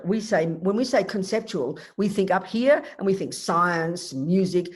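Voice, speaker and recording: A woman, a Buddhist nun, teaching a dharma talk in an emphatic, animated way with vivid everyday examples. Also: on the low side, unhurried, slightly rough. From Australia.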